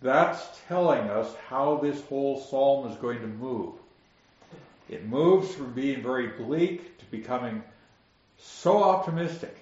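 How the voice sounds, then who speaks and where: A man's voice: mid-range voice, expressive, takes it slowly, darkish tone. A man teaching a Bible study, reading scripture aloud, explaining it and asking his listeners questions. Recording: very echoey muffled room recording.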